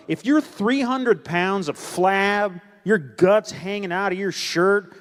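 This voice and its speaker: A man doing stand-up comedy with crowd work on stage, talking in a blunt, teasing and provocative way. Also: high voice. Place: stage before a live audience. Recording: loud background noise.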